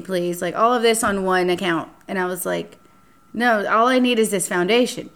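A young woman hosting a casual podcast chat, telling a dating story with lively acted-out quotes and frequent swearing. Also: medium pitch, moderate pace. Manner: animated, acts out quotes, swears freely. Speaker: podcast host.

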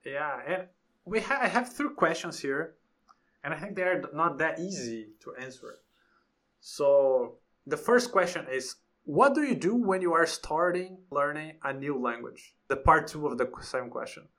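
A man's voice: fairly high pitch, animated, a little slow, fairly bright tone. A man co-hosting a podcast in a casual chat, thoughtful and often restarting his sentences. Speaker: podcast co-host.

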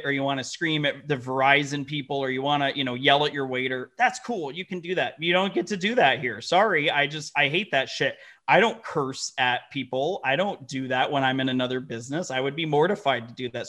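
Man, casual interview guest, animated, profane storyteller. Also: mid-range voice. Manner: animated, profane, acts out quoted dialogue. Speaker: company founder and guest.

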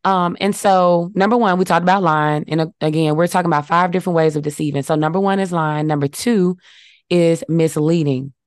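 Low-voiced woman co-host teaching scripture. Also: fairly even intonation, brisk, dry recording, clean studio sound. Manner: warm affirming, reads verses, teaches in numbered points. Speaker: podcast co-host. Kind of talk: casual faith talk with scripture.

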